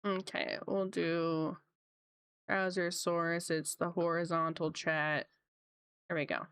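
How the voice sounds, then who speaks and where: Chatty woman streamer with a smooth, dry voice. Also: slow pace, no room sound. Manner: chatty and upbeat, laughs often, voice jumps high when excited. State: slight cough, sore throat coming on. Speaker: art streamer. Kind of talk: casual chat with live chat viewers.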